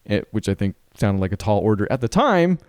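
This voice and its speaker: A man's voice: lowish voice, very animated, brisk, a little mellow, clean tone, no room sound, studio quality. A man co-hosting a casual podcast, talking through a film in a chatty, analytical way with many asides. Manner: chatty, analytical, frequent "like" and "right?". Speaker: podcast co-host.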